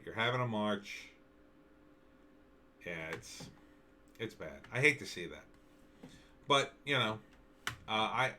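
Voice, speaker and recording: A man giving solo political commentary on news and video clips, indignant and halting, repeating himself and restarting his sentences. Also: lowish voice, sharp tone.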